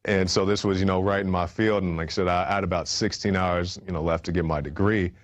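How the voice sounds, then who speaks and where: A man's voice: sits low, fairly even intonation, quick pace, lo-fi sound. A young man, a new staff reporter, chatting in an easygoing way. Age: young adult. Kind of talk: casual chat.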